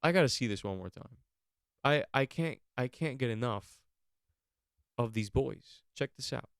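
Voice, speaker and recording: A man's voice: mid-range voice, animated, moderate pace, creaky, a bit bright, clear, resonant tone, dry recording, clean studio sound. A young man hosting a podcast in casual chat, rambling, repeating himself and swearing. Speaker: podcast host.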